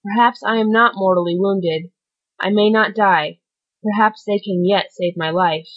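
A woman's voice: mid-range voice, a little slow, highs cut off, lightly acted. A woman voicing a desperate dying male ex-convict, pleading in anguished outbursts.

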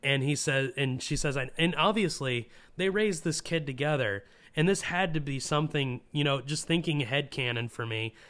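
Man, casual podcast chat, smooth clear voice, enthusiastic, lots of ums and restarts. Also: on the high side, moderate pace, hardly any pauses, a bit bright. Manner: enthusiastic, emotional, many fillers and restarts. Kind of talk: casual film discussion.

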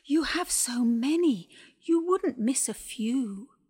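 A woman voicing a sly, hungry male bull snake who asks politely for birds to eat. She speaks softly and draws out her words. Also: sits high, expressive, slow pace, breathy edge, voice pushed up, exaggerated voice. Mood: greedy wheedling.

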